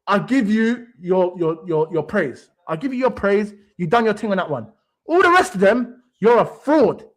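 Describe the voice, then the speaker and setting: A young man, hosting a football livestream and ranting heatedly, swearing and repeating his points. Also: high-pitched. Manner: animated, swearing, repeats phrases for emphasis. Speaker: sports stream host.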